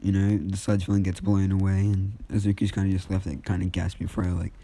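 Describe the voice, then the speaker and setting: A man's voice: low voice, monotone, fast talker, dark tone. A young man casually retelling a fan story, rambling with lots of fillers and restarts.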